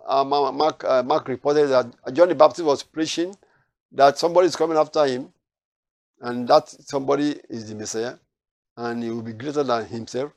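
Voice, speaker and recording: A man's voice: mid-range voice, a little mellow, no room sound, clean studio sound. A man teaching a Bible study, reading verses aloud and then explaining them, with frequent restarts.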